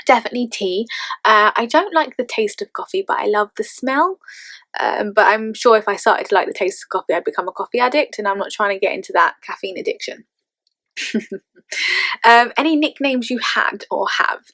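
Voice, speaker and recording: A woman's voice: mid-range voice, animated, a little fast, a bit bright, no room sound. Chatty, playful English woman. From England. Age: 20s. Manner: chatty, playful, laughs often. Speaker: vlogger. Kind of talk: casual chat answering tag questions.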